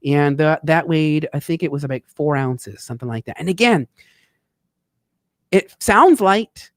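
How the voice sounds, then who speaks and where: A man hosting a casual talk show, narrating his travel photos in an animated way, swinging between excited and weary asides, with some swearing. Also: a little high, measured pace, no echo, studio quality. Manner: occasional swearing. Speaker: tax talk show host.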